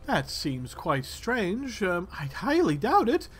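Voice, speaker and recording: A man's voice: high voice, huge pitch swings, slow, breathy edge, faint music behind, pitched above the performer's own voice, exaggerated voice. A man voicing an older woman who works as a midwife and apothecary, speaking politely and formally with some hesitation. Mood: prim.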